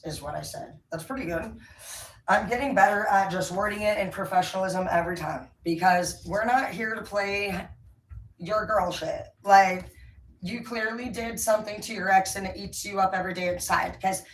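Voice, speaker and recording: A woman gives a casual tarot reading, speaking bluntly, emphatically, and in a rambling way. Her voice is medium-pitched at a moderate pace, recorded roomy and distant from the mic with faint ambience.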